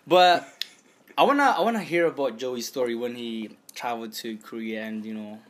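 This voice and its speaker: A man's voice: mid-range voice, moderate pace. A man hosting a casual podcast conversation, encouraging his guest and laughing along. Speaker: podcast host. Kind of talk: casual chat.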